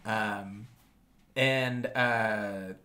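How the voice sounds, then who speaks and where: A man's voice: fairly low pitch, fairly even intonation, very slow, bright, forceful tone. A man narrating a tabletop game as game master, describing scenes with many fillers.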